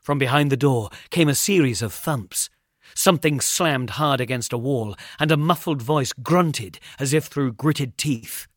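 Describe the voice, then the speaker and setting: A man narrating a suspense story in a measured, steady way, sinking to a hush when tension builds. His voice sits in a middling pitch. The recording is dry and close, with no room sound. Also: no room sound. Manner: measured, suspenseful, drops to a hush at tense moments.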